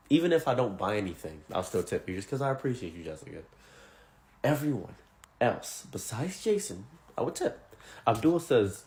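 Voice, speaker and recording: A man's voice: on the low side, a little mellow. A man narrating a first-person story in a blunt, indignant, conversational way.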